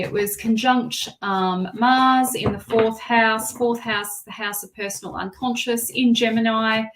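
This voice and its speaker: Woman, tarot reader, soft reassuring delivery, mid pitch. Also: background noise. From Australia. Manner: soft, reassuring, repeats phrases. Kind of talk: live tarot reading.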